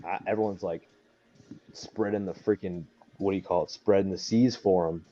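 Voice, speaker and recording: A man's voice: low-pitched, fairly even intonation, normal speed, mellow. A young man, a wrestler, telling a story in casual chat, rambling with lots of fillers and acting out what people said. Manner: rambling, many fillers, acts out quotes. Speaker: wrestler guest. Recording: dull lo-fi sound.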